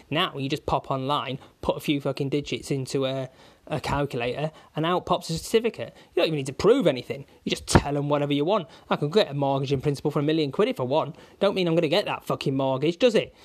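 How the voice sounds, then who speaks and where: A man delivering an angry, constantly swearing comic rant, stringing insults together. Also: medium pitch. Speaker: vlogger.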